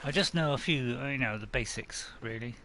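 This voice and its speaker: A man's voice: mid-range voice, moderate pace, noisy background. A man streaming a game, chatting casually to himself and reading viewers' messages aloud. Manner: chatty, talks to himself and reads chat aloud. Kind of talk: casual live game commentary.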